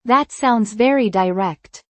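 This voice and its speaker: Slow, clear woman reading a language lesson. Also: a little high, no room sound. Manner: clear, measured, repeats each phrase. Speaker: English teacher voice.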